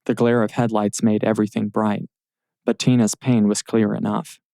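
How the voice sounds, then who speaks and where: In a steady, measured read, a man narrates an audiobook with a low, dark, gravelly voice. The recording is close and dry from a studio booth, with no room sound.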